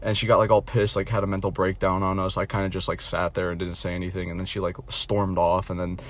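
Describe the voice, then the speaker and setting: A man's voice: low voice, completely flat delivery, quick pace. A young adult man telling a casual storytime rant, blunt and mocking, rambling with lots of fillers and restarts and frequent swearing. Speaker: vlogger.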